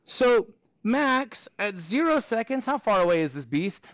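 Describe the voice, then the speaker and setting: A man's voice: high voice, big pitch swings, a little slow, fairly bright tone, dry recording, rough recording. A man teaching a math class, upbeat and encouraging as he walks students through a problem. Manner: upbeat, encouraging, playful monster voices.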